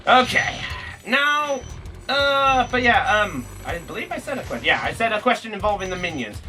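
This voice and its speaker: A young man giving jokey, excitable let's play commentary, yelping and swearing as he plays. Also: high-pitched, normal speed, distant mic. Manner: excitable, jokey, swears, bursts into yelps and shouts. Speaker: gaming YouTuber. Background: game music.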